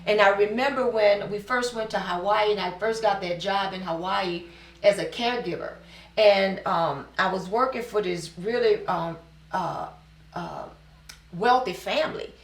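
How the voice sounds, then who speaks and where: A middle-aged woman from New Orleans, a business owner telling her personal story in an interview, animated and acting out the dialogue she quotes. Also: mid-range voice, measured pace, distant mic. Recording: echoey room.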